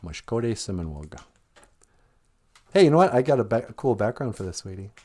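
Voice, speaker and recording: A man's voice: lowish voice, big pitch swings, fairly quick, mellow. A man hosting a podcast livestream, telling a folk tale in a jokey, folksy, casual way and laughing often. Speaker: podcast host and storyteller.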